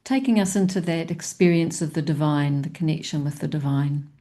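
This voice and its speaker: A woman hosting a talk, gently and politely thanking her guest and leading into the close. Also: low voice, fairly even intonation, a little fast. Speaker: host.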